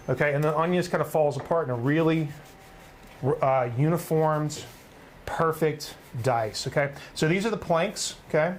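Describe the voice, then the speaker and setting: A man's voice: on the high side, fairly quick, slight background noise. A middle-aged man, host of a live cook-along, talking through his recipe in an upbeat, chatty way and often asking "right?". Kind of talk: live cooking demonstration.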